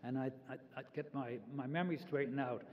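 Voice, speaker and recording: A man in his eighties giving a public talk as a Holocaust survivor, halting, with frequent restarts and repeated words. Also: mid-range voice, fairly even intonation. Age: 80s. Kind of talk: public talk, personal testimony. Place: large event hall. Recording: echoey hall, slightly dull sound.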